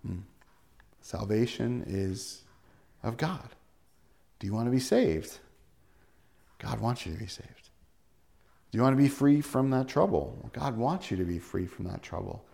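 Man, pastor, conversational sermon, joking asides, acted-out quotes, soft low voice on key points. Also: vocal fry.

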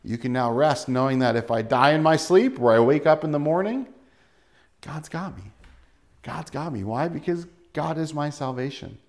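A man preaching a sermon in a casual, joking way, acting out quotes and dropping to a soft, low voice on key points. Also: a little fast, hardly any pauses. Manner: conversational preaching with jokes and acted-out quotes. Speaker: pastor.

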